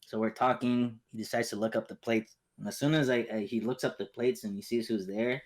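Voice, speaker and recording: A man's voice: medium pitch, steady tone, a little fast. A young man casually telling a long story to friends, rambling with restarts, slang, swearing and laughing asides. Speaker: podcast co-host.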